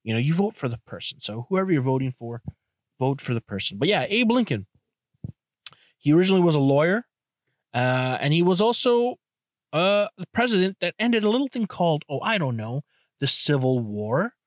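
A man's voice: fairly high pitch, animated, fairly quick, no echo. Chatty, rambling man, dry and close. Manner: loose, rambling and profane, with many restarts and "you know". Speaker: podcast host. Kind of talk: casual solo podcast monologue.

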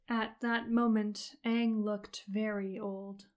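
A woman narrating a story in a slow, even reading voice. She takes her time with each line and keeps a steady, measured tone throughout. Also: mid-range voice. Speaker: audiobook reader of fan fiction. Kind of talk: scripted narration.

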